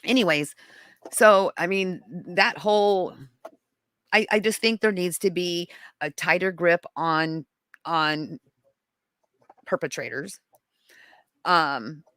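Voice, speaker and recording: Podcast guest, woman, bright voice, dry close sound, animated storyteller. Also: takes it slowly, pauses often, dry recording. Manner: animated storytelling, rising to high exclaims. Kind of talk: casual conversation.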